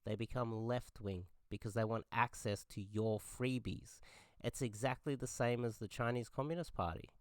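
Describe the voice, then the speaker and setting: A man's voice: mid-range voice, fairly even intonation, moderate pace, dry recording, studio quality. An Australian man giving an angry political rant, heated, swearing and often repeating himself. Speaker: political commentator. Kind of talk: angry ranting monologue.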